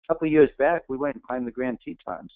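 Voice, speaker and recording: A man's voice: medium pitch, fast talker, no room sound. A middle-aged man giving an earnest, emphatic motivational talk as a guest speaker. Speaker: guest speaker, retired Navy SEAL. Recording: tinny phone-like, dry.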